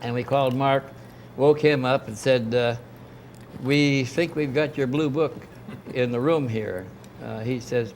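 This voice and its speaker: A little hiss or hum sits under this older man's unhurried, slightly mellow mid-range voice. Recounting his experiences as an interviewee, he meanders through a long story and voices the people he quotes.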